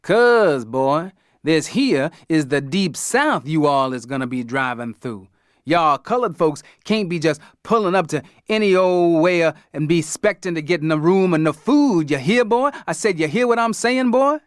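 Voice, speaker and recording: A man reading an audiobook voices a father doing a loud, teasing impression of a rural Southern drawl. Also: fairly high pitch, lively intonation, unhurried, no room sound, clean studio sound, voice pushed up. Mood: mock-stern teasing. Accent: put-on rural Southern US drawl. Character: loud mocking hillbilly man, a father joking.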